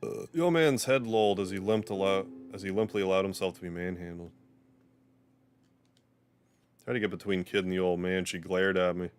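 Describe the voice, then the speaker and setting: A man streaming a game, reading its story aloud in a steady voice and dropping casual asides. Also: low-pitched, fast, hardly any pauses, smooth. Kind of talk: reading a visual novel aloud on a livestream.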